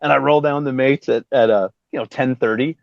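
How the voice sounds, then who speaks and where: His voice is gravelly and a little fast, with no echo: a man in his fifties, a guest musician, telling a story in a laid-back interview. He swears often and animatedly voices what others said with big pitch swings, all in dry, dull lo-fi sound.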